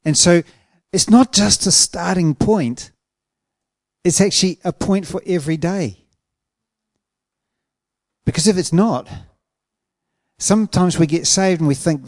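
A man preaching a sermon in an earnest, emphatic way, slowing down to stretch out key words. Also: fairly high pitch, a little mellow, no room sound, studio quality.

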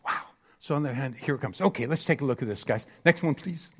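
Male preacher, lively sermon delivery, punchy rhetorical check-ins with a live congregation. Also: medium pitch, quick pace, husky. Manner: animated and emphatic, with frequent rhetorical "Hello?" checks. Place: church stage before a live audience.

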